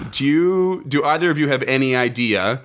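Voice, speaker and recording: A man's voice: medium pitch, lively intonation, moderate pace, fairly bright tone. A man hosting a casual podcast, reading out folklore notes with enthusiasm and laughing often. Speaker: podcast host.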